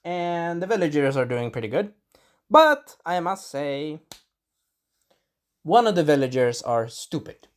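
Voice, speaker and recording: Rambling, animated reviewer with a scratchy throat. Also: medium pitch, measured pace, pauses often. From Sweden. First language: Swedish. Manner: rambling, enthusiastic, acts out quotes in little voices. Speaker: video reviewer. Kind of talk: casual spoiler review monologue.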